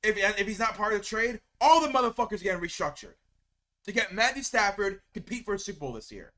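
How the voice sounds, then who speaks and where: A sports video creator rants angrily to camera as a fan, venting in a high, sing-song voice that is quick, pushed, and bright. As he gets upset, he stumbles and repeats words.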